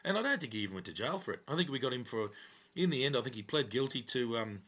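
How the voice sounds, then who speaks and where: Fast-talking Australian man, husky. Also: mid-range voice. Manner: animated, acts out quotes with raised voice. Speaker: podcast co-host, former police officer. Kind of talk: casual storytelling chat.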